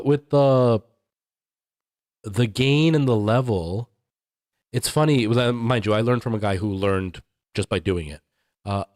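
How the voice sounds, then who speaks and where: A man streamer in relaxed casual chat, walking his viewers through mixer settings at length. His voice sits a little low and sounds dry and close on the mic. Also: dry recording. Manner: rambling, explaining audio gear to chat. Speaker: livestream host.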